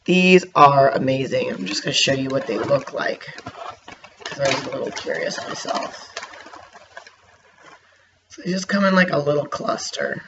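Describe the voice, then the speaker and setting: A man's voice: medium pitch, moderate pace, pauses often, a bit bright. A man casually reviewing snacks for his viewers, chatty and hiccuping now and then. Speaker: vlogger. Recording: dull lo-fi sound with faint noise.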